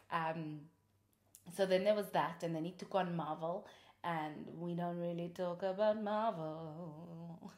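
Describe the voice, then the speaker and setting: A woman host chatting casually about films, animated and quick to laugh, with many fillers. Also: fairly low pitch, echoey room. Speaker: podcast host. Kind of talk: casual film review.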